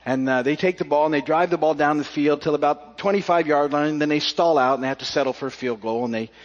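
Folksy pastor in a reverberant hall. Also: male voice, fairly high pitch, quick pace. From South Florida. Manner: folksy storytelling with many fillers and restarts. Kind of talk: sermon with a joke and scripture reading. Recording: muffled recording with long hall reverb.

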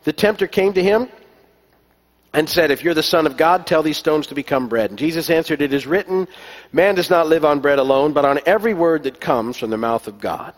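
Male pastor, fairly high voice, loose rambling sermon with ums and restarts, long hall reverb. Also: fairly quick. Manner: relaxed storytelling with many fillers and restarts. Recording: long echo of a large hall.

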